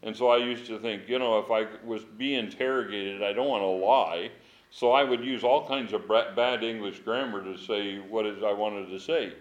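A middle-aged man leads an informal Bible study from his home, his somewhat low voice sounding a little strained. He teaches in an emphatic, animated way. He drops chuckling asides between points. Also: moderate pace, dull audio. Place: at home with dogs.

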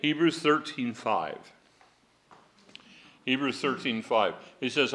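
A man's voice: medium pitch, expressive, takes it slowly, long pauses, sharp tone. A man teaching a Bible class in a folksy, digressive way, chuckling often.

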